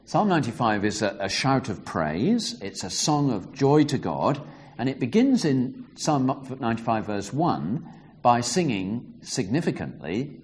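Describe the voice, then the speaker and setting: A man teaching how to read the Bible in context, explaining in a measured way and reading passages aloud with emphasis. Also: medium pitch, big pitch swings, a little mellow. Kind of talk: teaching talk on interpreting scripture.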